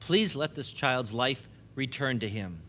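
Guy doing a solemn old prophet, gentle and hushed, lower voice. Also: animated, unhurried, a little hiss or hum.

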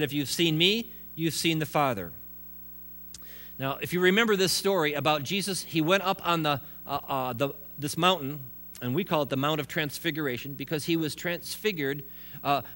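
A man delivers a sermon in a relaxed, talky way, stumbling over words and restarting now and then. His voice sits a little high for a man and sounds bright and forceful. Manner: conversational preaching with asides and restarts. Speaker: pastor.

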